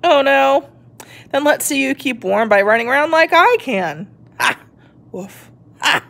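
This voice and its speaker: A woman's voice: high-pitched, expressive, a little slow, vocal fry, fairly bright tone, voice pushed up, full character voice. A woman voicing a boastful, mocking dog in a storybook, barking out its words.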